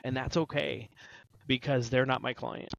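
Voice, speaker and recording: A man's voice: medium pitch, steady tone, normal speed, creaky, a bit bright, no echo, lo-fi sound. A man co-hosting a podcast in an easygoing, matter-of-fact way. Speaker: podcast co-host. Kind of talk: casual podcast chat.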